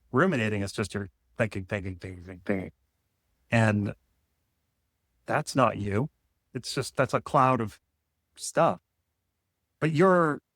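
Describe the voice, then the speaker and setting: A man's voice: medium pitch, a bit bright, no room sound, clean studio sound. A man talking alone to camera in a rambling, playful monologue that muses and questions, breaks off mid-thought and makes asides. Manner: musing, self-interrupting, playful asides. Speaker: vlogger.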